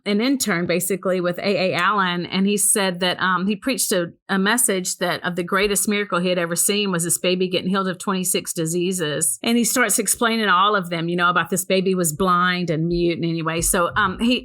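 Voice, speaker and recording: Bright clear woman chatting, lots of um and so anyway, animated storyteller. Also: medium pitch. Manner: rambling with many "um" and "so anyway"; animated, voices the people in her story. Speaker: guest, ministry co-founder. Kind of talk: casual storytelling conversation.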